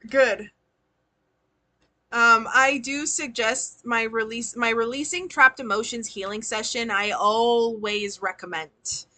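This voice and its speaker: On a live stream, a woman who works as a tarot reader and spiritual healer chats with her sitters in a slangy way, laughing often. Her voice is fairly high, bright and forceful, with fairly even intonation and a slow pace.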